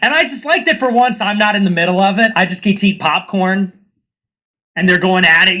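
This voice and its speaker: A man's voice: sits high, a little fast, sharp tone. A man hosting a livestream, talking in a casual, rambling rant with a sarcastic edge. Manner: sarcastic, rambling, slips into mocking put-on voices. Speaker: livestream host. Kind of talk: casual ranting monologue.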